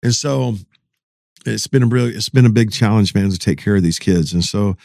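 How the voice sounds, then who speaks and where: Animated storytelling pastor, man. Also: on the low side, moderate pace, gravelly, no room sound, studio quality. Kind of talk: casual storytelling as a podcast guest.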